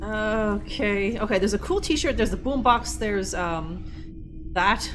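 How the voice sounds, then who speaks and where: A woman's voice: medium pitch, takes it slowly, noisy background. A woman streamer giving casual live commentary as she plays, rambling and swearing freely. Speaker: game streamer.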